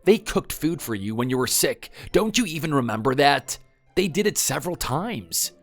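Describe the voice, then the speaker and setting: A man's voice: fairly high pitch, sing-song, normal speed, soft background music. A man voicing a defensive husband clinging to his marriage, in a pleading, insistent manner. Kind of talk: scripted dialogue drama.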